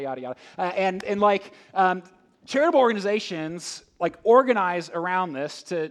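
A man preaching a conversational sermon, asking the room rhetorical questions and swinging between loud emphasis and hushed asides. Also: a little high. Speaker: pastor.

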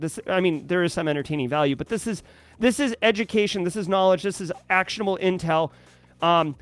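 High-voiced Boston man livestreaming. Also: a bit bright, dry recording. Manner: conversational, many fillers, reads chat aloud. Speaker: host of a daily cybersecurity livestream. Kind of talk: casual livestream chat.

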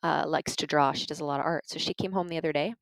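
A woman's voice: deep voice, steady tone, fast talker, vocal fry, no room sound, low-quality recording. A woman giving an informal teaching talk on parenting and emotions, earnest and conversational, telling stories and speaking straight to her listeners. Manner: conversational, addresses listeners as "you guys"; earnest, storytelling.

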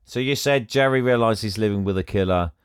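A man's voice: fairly low pitch, a little fast, clean tone, dry recording, studio quality. A man hosting a podcast, recapping a film in casual chat and laughing often.

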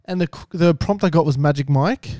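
A man's voice: a little high, a little fast, warm tone, no room sound, studio quality. An Australian man co-hosting a podcast who talks bluntly, swears and teases the others. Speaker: podcast co-host. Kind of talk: casual chat.

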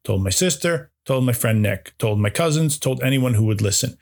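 A man's voice: medium pitch, expressive, normal speed, darkish tone. A man co-hosting a podcast, chatting casually and eagerly about films, with frequent word repeats. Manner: enthusiastic, repeats words, does little voices in anecdotes. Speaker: podcast co-host. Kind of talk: casual film discussion.

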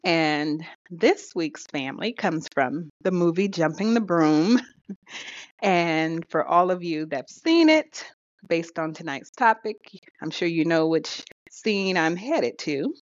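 A woman's voice: fairly low pitch, animated, slow, no echo. A woman co-hosting a podcast in casual chat, chatty and laughing often, with hesitant fillers. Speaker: podcast co-host. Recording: dull lo-fi recording.

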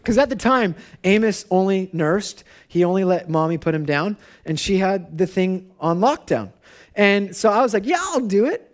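A man in his thirties, a pastor, giving a conversational sermon and telling personal stories in an animated way. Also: fairly high pitch.

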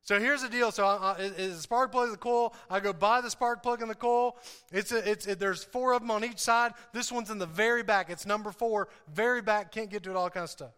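A man's voice: high-pitched, fairly even intonation, a little fast, pushed and bright, clean tone, long reverb tail. A man preaching a sermon, telling a story with self-deprecating humor, repeats and laughs. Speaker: pastor.

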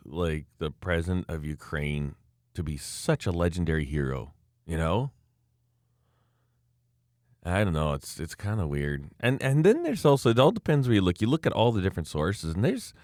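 Deep-voiced man ranting in a dry room. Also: darkish tone, dry recording. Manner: worked-up, rambling with many fillers; acts out quoted dialogue. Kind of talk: casual chat, ranting anecdote.

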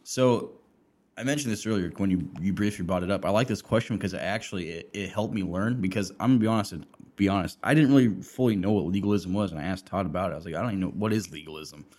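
A man's voice: low voice, fast, darkish tone. A man co-hosting a casual faith podcast, frankly and readily agreeing with his partner. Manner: affirming, frank, self-deprecating. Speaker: podcast co-host.

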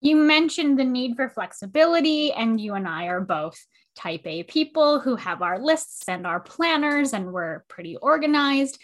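A woman's voice: high voice, lively intonation, normal speed. A woman producer interviewing a podcast host, friendly and playful in her questions. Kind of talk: casual conversational interview.

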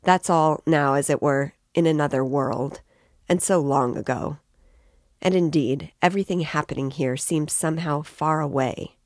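Woman reader voicing a brooding young man, bitter, scornful, slow muttered thoughts, dry close sound. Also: low voice, darkish tone, no room sound, close to an everyday voice. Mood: listless.

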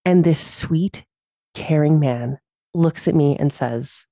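A woman co-host on a casual podcast, with a somewhat low voice. She talks openly and pokes fun at herself, laughs often and trips over her own sentences. The recording is dry and close, with no room sound. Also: slow pace, dark tone, dry recording. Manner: candid, self-deprecating, laughs often, many restarts.

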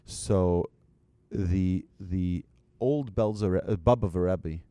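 A man giving a storytelling talk to an audience as a religious teacher, conversational and halting, with restarts and light asides to the listeners. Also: low voice, warm tone, clean tone, dry recording.

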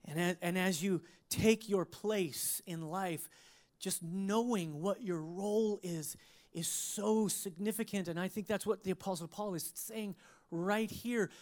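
In a mid-range voice, a preacher tells a personal story during his sermon. He's expressive, laughs as he goes, and often starts sentences over.

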